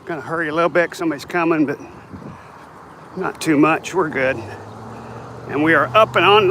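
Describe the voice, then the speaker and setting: Guy on a walk talking to his viewers, kinda tired, higher voice, faint traffic noise outside. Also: fairly quick, pauses often. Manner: rambling, chatty, talks to viewers while walking. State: tired, yawning. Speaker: vlogger. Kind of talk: casual walking vlog. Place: outdoors on a residential street. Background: passing cars and traffic.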